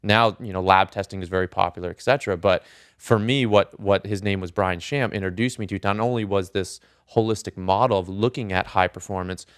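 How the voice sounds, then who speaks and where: Male podcast guest, earnest explainer, smooth low voice, dry close sound. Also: steady tone, fairly quick, no echo. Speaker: podcast guest, strength coach. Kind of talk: casual podcast interview.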